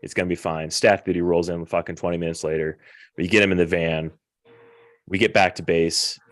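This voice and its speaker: A very deep-voiced young man spins a rambling story packed with swearing, talking casually like a podcast host. The sound is dry and close, with no room around it. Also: brisk, no echo. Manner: profane, rambling, animated retelling.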